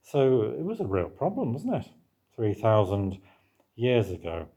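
A man's voice: medium pitch, wildly swooping pitch, measured pace, dark tone, husky. A man preaching a sermon in a conversational way, asking the congregation questions and answering them himself.

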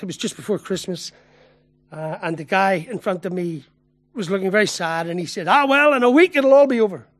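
A man's voice: high voice, dry recording, clean studio sound. A man preaching a sermon, telling a personal story earnestly and building to emphatic peaks.

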